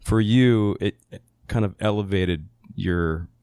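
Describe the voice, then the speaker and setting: A man hosting a podcast, asking questions in a relaxed, informal way with brief reactions. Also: lowish voice, takes it slowly, smooth, no room sound. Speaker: podcast host. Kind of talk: casual interview.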